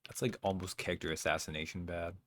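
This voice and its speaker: A man's voice: sits low, flat delivery, fast talker, a bit bright. A man giving wry, chatty commentary while playing a video game. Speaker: let's play host.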